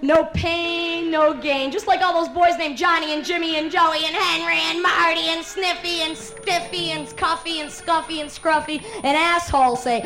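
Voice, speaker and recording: A woman performing a confrontational spoken-word rant, taunting and profane, swinging from low muttering to yelling. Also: normal speed, hardly any pauses, music in the background.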